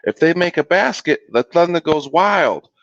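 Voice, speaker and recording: A man's voice: fairly high pitch, lively intonation, normal speed, dry recording, pitched above the performer's own voice. A man voicing a cheerful playful older sister in an upbeat storybook voice. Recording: dull lo-fi video call audio.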